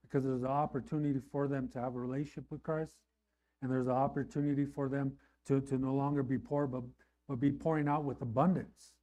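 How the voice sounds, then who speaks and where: A middle-aged man preaching a sermon in a conversational way, often asking "right?" and rising in pitch and volume on emphatic lines. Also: little pitch movement, fast, mellow. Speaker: pastor.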